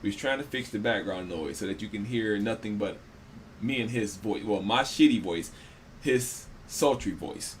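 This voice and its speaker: A man's voice: fairly low pitch, moderate pace, a little hiss or hum. A man co-hosting a casual, profane podcast chat at a friend's home, joking and laughing often while sharing one microphone with his co-host. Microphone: one microphone shared by two.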